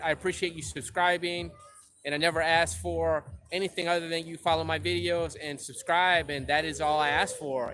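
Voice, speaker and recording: A man's voice: on the high side, pushed and bright. A man hosting a live travel chat stream outdoors at a seaside port, upbeat and effusive, thanking viewers over and over.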